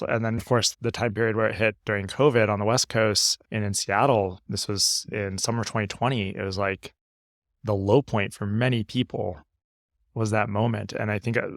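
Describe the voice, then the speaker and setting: Male podcast host, animated and conversational, slightly low voice. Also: dry recording, clean studio sound. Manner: animated, chatty, asks open questions. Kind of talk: casual conversation.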